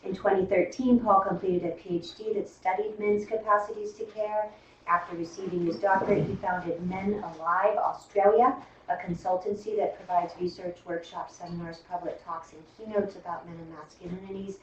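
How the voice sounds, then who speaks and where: A woman's voice: mid-range voice, fairly even intonation, normal speed, a little hiss or hum. A woman introducing a seminar speaker with light humor and a few fillers. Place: seminar room. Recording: roomy lecture hall from far off, dull.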